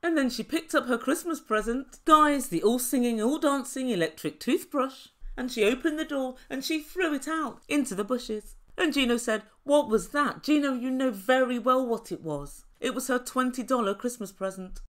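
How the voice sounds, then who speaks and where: Brit lady doing snarky reality show commentary, kinda high voice, laughs at her own jokes a lot. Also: normal speed, hardly any pauses. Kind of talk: sarcastic recap commentary.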